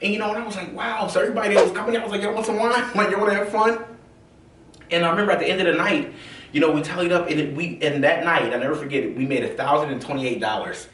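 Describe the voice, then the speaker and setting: Man from the south, quick casual storytelling, echoey room, mic some distance off. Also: on the high side, slight background noise. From American South. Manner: animated, acts out quoted voices, many fillers. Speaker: realtor telling his story. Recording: roomy, from a distance.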